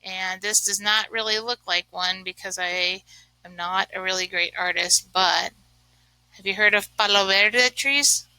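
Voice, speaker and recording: A woman's voice: mid-range voice, steady tone, unhurried, sharp tone, smooth, no room sound, rough recording. A woman teaching a remote lesson, chatting and thinking aloud as she writes, with many fillers. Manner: chatty, uses lots of fillers. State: sneezing from allergies.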